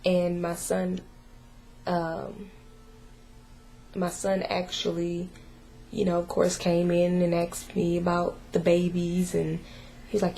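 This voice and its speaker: Soft, gravelly-voiced halting woman. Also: lowish voice, completely flat delivery, slight background noise. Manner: halting and hesitant, full of pauses and fillers; soft and emotional, holding back tears. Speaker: mother giving a family update. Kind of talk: casual personal vlog.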